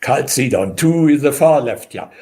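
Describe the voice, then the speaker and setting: An older man, a historian as the guest of an interview, explaining in a measured way with many filler pauses. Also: mid-range voice, lively intonation, dark tone. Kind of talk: unscripted interview.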